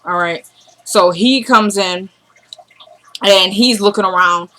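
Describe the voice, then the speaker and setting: A woman's voice: medium pitch, takes it slowly, bright, forceful tone. A woman casually recapping a TV episode, acting out the characters' lines as she retells each scene. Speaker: TV show recap vlogger.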